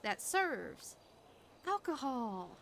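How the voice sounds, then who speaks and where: A woman's voice: a little high, big pitch swings, extremely slow, creaky, a bit bright, slight background noise. A tired woman chatting in character during a roleplay stream, wry and blunt, swearing casually. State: tired late at night.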